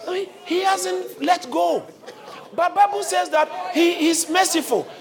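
A man preaching a sermon who often shouts and calls on the congregation to answer him, with listeners heard in the church. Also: very high voice, measured pace, a faint crowd.

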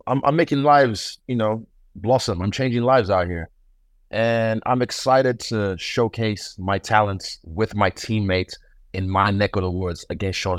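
A man with a low voice, recorded dry and close, chatting as a guest in a casual interview. He talks in a laid-back, swaggering way. He now and then acts out other people's lines. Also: no room sound. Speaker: guest fighter.

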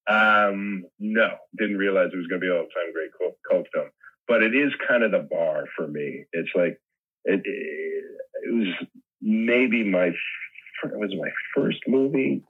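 A very deep, husky man in his sixties tells long, rambling stories as an interview guest. His low voice breaks into chuckles between restarts. It comes through a thin, phone-like line. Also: unhurried. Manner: rambling anecdotes with laughter and restarts. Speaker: guest actor. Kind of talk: casual interview storytelling.

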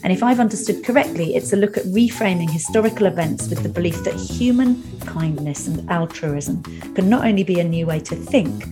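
A woman's voice: fairly low pitch, animated, brisk, hardly any pauses, music in the background. A woman hosting a podcast, interviewing a guest in a teasing, freely swearing way, then reading the outro. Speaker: podcast host.

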